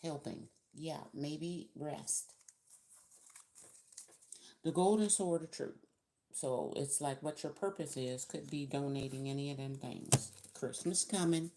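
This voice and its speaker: A woman's voice: a bass voice, fairly even intonation, a little slow, hardly any pauses, warm tone, a little hiss or hum. A woman giving a casual tarot reading, chatty and laughing often, acting out the people she quotes. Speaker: tarot reader.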